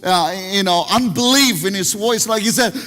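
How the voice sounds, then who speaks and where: A man preaching a sermon as pastor, telling stories in an animated way and often restarting his sentences. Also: high voice, moderate pace. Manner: animated storytelling with many restarts. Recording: long hall reverb.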